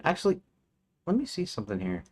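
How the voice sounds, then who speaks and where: A man's voice: sits high, huge pitch swings, quick pace, breathy edge. A man streaming his game development work, thinking aloud as he goes, with restarts and counting under his breath. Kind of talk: casual work-along commentary.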